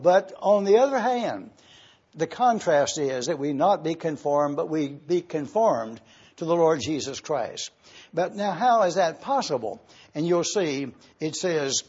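A man preaching an expository sermon, slowly spelling out Greek words letter by letter as he teaches. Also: on the high side, darkish tone, slightly rough, dull audio.

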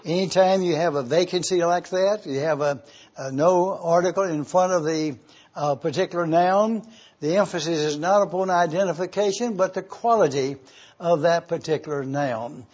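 A man teaching a Bible study, slow and deliberate, repeating key words for emphasis. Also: on the high side, darkish tone, breathy edge. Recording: dull lo-fi sound.

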